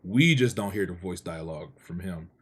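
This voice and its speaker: A man's voice: low voice, normal speed, breathy edge. A man co-hosting a podcast, making an earnest point with hesitant fillers. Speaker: podcast co-host. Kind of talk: casual podcast chat.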